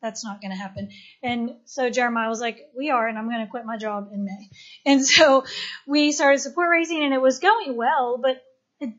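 Casting: eager, chatty woman with a higher voice, giving her testimony on a dull lo-fi recording. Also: fairly even intonation, moderate pace, a bit bright. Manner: chatty, eager, full of fillers. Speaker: missionary and doula sharing her testimony. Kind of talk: personal testimony to a gathering.

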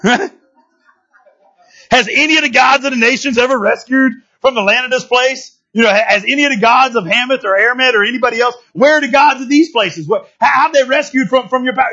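Male preacher, very high and bright voice, casual animated sermon delivery, dull lo-fi recording. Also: a little fast. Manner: animated and conversational, casual slang and rhetorical asides.

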